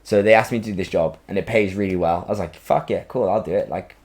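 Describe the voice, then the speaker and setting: A man, hosting a podcast and telling a story in a casual, animated way, acting out quotes and swearing freely. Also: low-pitched, quick pace. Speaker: podcast host. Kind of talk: casual chat.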